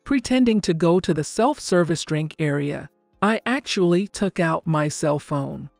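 An older woman narrating a first-person family story in a calm, even, scripted storytelling delivery. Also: fairly low pitch, a little slow, no room sound, studio quality. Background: faint background music.

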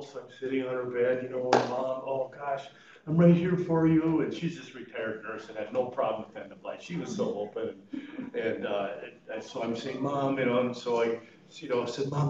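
A man who is a chaplain and funeral planning consultant, telling stories to a class in an animated, informal way and laughing at his own stories. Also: medium pitch, brisk, a crowd in the background. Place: church meeting room. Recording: echoey room, mic at a distance, dull sound.

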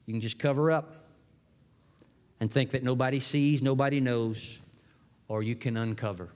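A man preaching a sermon as lead pastor, telling a story with lively shifts and dropping low for dramatic lines. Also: normal speed. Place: church sanctuary. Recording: long church hall reverb.

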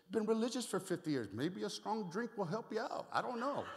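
Male pastor preaching, high voice, animated, conversational asides, long hall reverb. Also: a little fast, slight background noise. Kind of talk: sermon. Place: church sanctuary.

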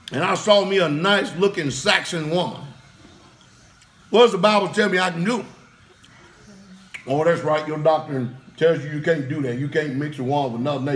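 Fiery, high-voiced male preacher. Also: fairly bright tone. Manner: heated and blunt, with rhetorical questions; curses freely.

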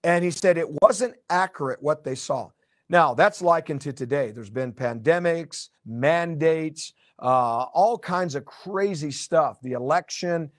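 A man's voice: on the high side, measured pace, dry recording. Dry-sounding preacher, a man. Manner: conversational with fillers and repeated words, joking asides. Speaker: pastor. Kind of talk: prophetic sermon.

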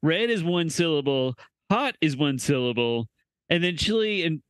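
A man's voice: on the high side, expressive, normal speed, fairly bright tone, smooth, no echo. A man hosting a podcast, asking playful questions in casual banter. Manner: quizzical, playful. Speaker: podcast host.

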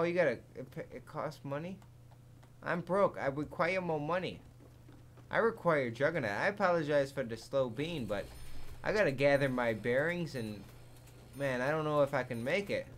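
A man giving live commentary over a zombie game, excitable and jumpy, swearing often and laughing at his own jokes. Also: mid-range voice, a little hiss or hum. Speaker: gaming commentator.

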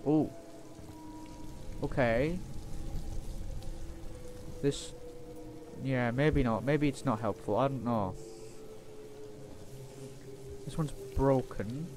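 A man giving chatty, playful let's-play commentary, breaking into loud excited outbursts. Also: medium pitch, slow pace, long pauses, noisy background. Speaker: gaming YouTuber.

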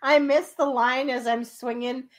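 A woman's voice: high-pitched, steady tone, measured pace. A woman co-hosting a podcast, telling a funny story in casual chat and laughing often as she talks. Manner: giggly, laughs through her story. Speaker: podcast co-host.

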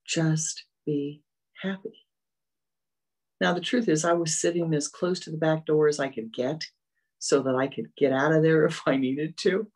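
A spiritual teacher giving a meditative dharma talk, gentle and repetitive, often fading to soft murmurs. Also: mid-range voice, steady tone, moderate pace, low-quality recording.

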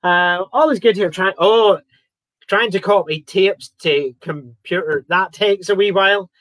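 Chatty quiz host. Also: male voice, high-pitched, unhurried, fairly bright tone, no echo. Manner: chatty, reads out viewer comments and jokes around. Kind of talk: live-streamed quiz chat.

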